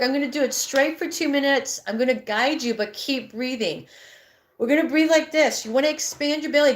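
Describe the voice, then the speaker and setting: A woman's voice: high-pitched, a bit bright. A woman in her fifties coaching breathwork on a live stream, candid and rambling, often correcting herself mid-sentence. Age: 50s.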